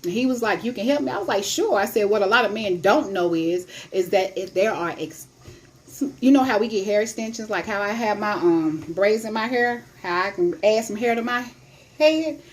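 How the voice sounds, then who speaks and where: A woman's voice: medium pitch, normal speed, slight background noise. Blunt straight-talking woman storyteller. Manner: blunt, straight-talking, lively retelling with quoted voices. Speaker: host giving sex and relationship advice. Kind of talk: casual storytelling to camera.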